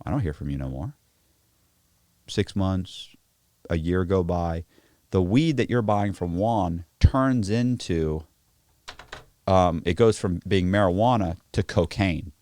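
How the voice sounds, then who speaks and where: A man telling stories in casual podcast chat, profane and animated, acting out the people in them. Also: low-pitched, slow pace, pauses often, dry recording. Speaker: podcast guest. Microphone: podcast studio mic.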